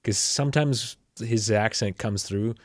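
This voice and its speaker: A man with a somewhat low voice co-hosting a casual podcast as its producer. He tells stories in a relaxed, conversational way, and the recording is dry and close. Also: measured pace, no room sound. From United States. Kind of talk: casual chat.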